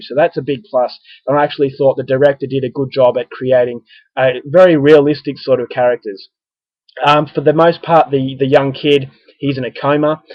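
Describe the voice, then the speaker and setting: A man's voice: mid-range voice, no room sound. Australian male film reviewer, casual chatty delivery, dry close sound, slightly muffled audio. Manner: conversational, frequent ums and restarts.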